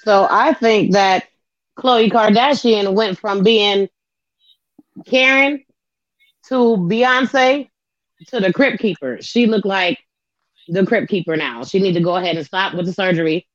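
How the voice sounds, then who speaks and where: A woman's voice: medium pitch, unhurried, long pauses, no room sound, highs cut off. A woman panelist in casual chat, blunt and gossipy.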